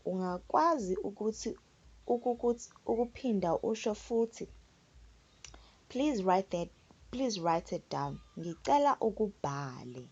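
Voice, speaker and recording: Slow, gravelly-voiced woman teaching phrases. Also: mid-range voice, animated, a little mellow. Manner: slow, patient, repeats phrases for learners. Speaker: language teacher. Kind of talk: relaxed spoken language lesson. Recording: dull lo-fi recording.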